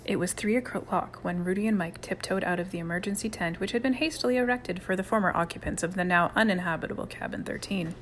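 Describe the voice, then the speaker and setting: A woman reading a children's novel aloud in calm, even narration. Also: on the low side, quick pace, hardly any pauses, a little hiss or hum. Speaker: audiobook reader. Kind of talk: scripted narration.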